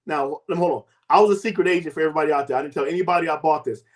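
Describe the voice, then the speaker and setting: High-voiced man telling a lively story. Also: very fast. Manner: emphatic, with big swoops in pitch and loudness. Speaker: host and health coach. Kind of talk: animated personal storytelling.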